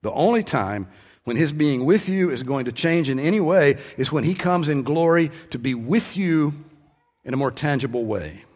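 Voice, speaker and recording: A man's voice: fairly high pitch, animated, moderate pace. A male pastor preaching a sermon in a conversational way, rising to strong emphasis on key points. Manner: conversational preaching with emphatic rises, ending in soft prayer.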